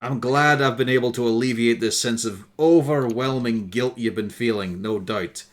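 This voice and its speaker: A man voicing a gruff, foul-mouthed male woodland caretaker who talks bluntly and sarcastically. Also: mid-range voice, normal speed, lightly acted. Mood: sarcastic. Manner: blunt, sarcastic and swearing freely.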